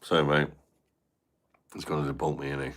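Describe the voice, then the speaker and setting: A man's voice: extremely low pitch, level tone, a little fast, fairly bright tone. A man, chatting live to his viewers in crude, slang-heavy joking banter full of swearing. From Britain. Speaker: live streamer reading chat. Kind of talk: casual live-stream chat.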